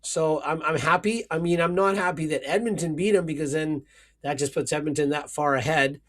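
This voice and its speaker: A man's voice: a little high, brisk, a bit bright. A man co-hosting a casual sports podcast, ranting with sarcastic mock sadness. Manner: sarcastic, mock-emotional rants. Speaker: podcast co-host.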